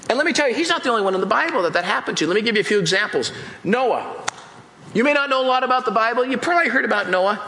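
A man with a high, bright voice delivers a relaxed, storytelling sermon. He slips into playful voices for the characters as he goes, and the sound bounces around an echoey room. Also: racing, slight background noise. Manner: animated, acts out Bible scenes in voices. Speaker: pastor. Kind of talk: casual sermon.

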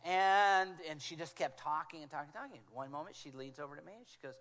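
A man preaching a sermon as a guest speaker, telling stories with animated delivery and slipping into hushed tones for quoted voices. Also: on the high side, quick pace, few pauses. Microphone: small clip-on mic.

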